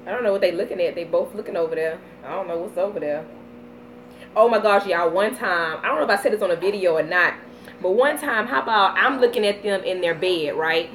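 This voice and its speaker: A woman in her thirties with a Southern US accent, chatting casually on a live vlog, telling stories with lively baby talk. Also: mid-range voice, brisk, a little hiss or hum. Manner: animated storytelling with playful baby talk. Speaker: vlogger.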